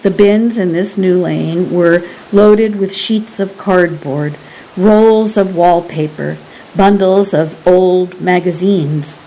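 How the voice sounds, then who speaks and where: A woman narrating an audiobook at an unhurried, deliberate pace. Her voice sits on the low side, and she reads in a steady, measured way. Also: low-quality recording.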